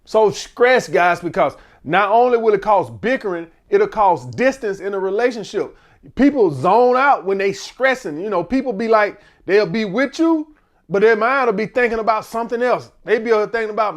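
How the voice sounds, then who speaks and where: Male advice host, high voice, animated and foul-mouthed monologue. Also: moderate pace. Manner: blunt, profane, animated rant. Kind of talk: casual monologue.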